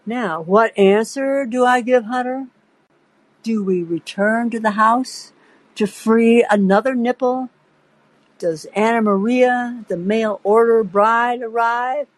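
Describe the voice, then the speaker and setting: A woman's voice: on the high side, takes it slowly, no room sound, rough recording. A woman hosting a podcast, telling a first-person story with theatrical flair and speaking straight to the listener. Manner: theatrical, acts out quoted voices; addresses listener directly, playful. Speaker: podcast host and narrator.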